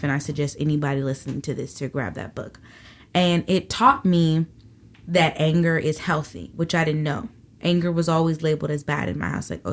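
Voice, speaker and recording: Brief: low-pitched woman, comedian guest, animated and salty storyteller. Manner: animated storyteller, profane, acts out quotes. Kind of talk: casual interview chat.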